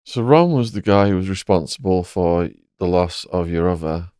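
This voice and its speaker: Male podcast host, very deep voice, brief probing questions, dry close mic. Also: normal speed, darkish tone, smooth, no room sound. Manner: short prompts and follow-up questions. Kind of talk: interview questions.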